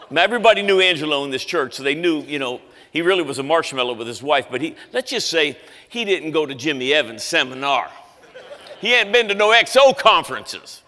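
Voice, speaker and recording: Bright-voiced preacher in a long echo. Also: male voice, fairly high pitch, brisk. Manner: animated storyteller, acts out voices. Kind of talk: storytelling sermon.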